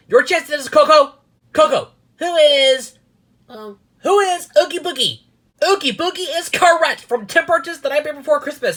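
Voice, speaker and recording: Homemade quiz host: bright, sharp tone, chirpy game-show patter with small restarts. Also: sits high. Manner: upbeat quiz-host patter, frequent restarts and repeated words. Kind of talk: hosting a homemade quiz show, voicing the contestants too.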